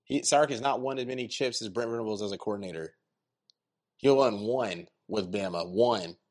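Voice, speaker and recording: A man in a casual, argumentative sports debate with a friend, often trailing off quietly. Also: lowish voice, normal speed. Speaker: college football fan.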